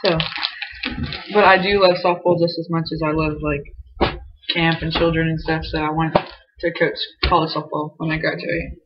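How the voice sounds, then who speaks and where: A young woman, a college softball player chatting as a guest in a giggly, filler-heavy way. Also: deep voice, level tone, moderate pace. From Texas, USA. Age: 20s. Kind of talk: casual chat. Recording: muffled lo-fi recording.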